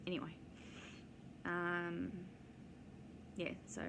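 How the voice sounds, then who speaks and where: A woman chats casually for her vlog, drifting from one story to the next. Her voice sits a little low, with a gravelly fry, and she takes her time. A steady hiss of noise runs under the recording. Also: drawn-out words. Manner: rambling, digressive, with many ums. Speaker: vlogger. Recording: noisy background hiss.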